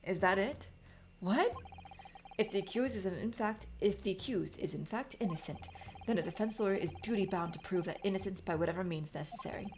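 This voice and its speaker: A woman's voice: mid-range voice, brisk, darkish tone, a little hiss or hum, close to an everyday voice. A woman voicing a stern, earnest male lawyer mentor. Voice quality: firm, earnest.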